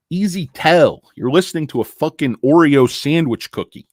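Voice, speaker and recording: Rambling, joking man with a lively voice. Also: a little high, normal speed, few pauses, dry recording. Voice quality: rambling, joking, self-deprecating. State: tired from lack of sleep. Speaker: stock market commentator host. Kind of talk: casual livestream talk.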